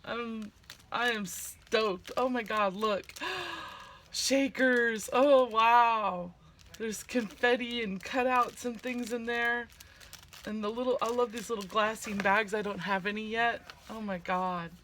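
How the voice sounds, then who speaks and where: A middle-aged woman vlogs from home with a bright, clear tone and an unhurried pace. She is chatty, with fillers and gasps, and sounds low-key from a sinus headache, over faint room ambience. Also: fairly even intonation, a little hiss or hum. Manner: chatty, many fillers, gasps and squeals of delight. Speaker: craft vlogger. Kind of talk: casual chat to camera.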